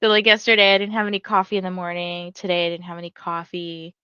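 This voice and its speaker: A woman's voice: fairly low pitch, monotone, fast, bright, forceful tone, clean tone, dry recording, muffled recording. A woman hosting a reading livestream, chatting casually and rambling with lots of "like", a little tired, and reading viewer comments aloud. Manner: chatty and rambling, heavy use of "like". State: tired and yawning. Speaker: readathon livestream host.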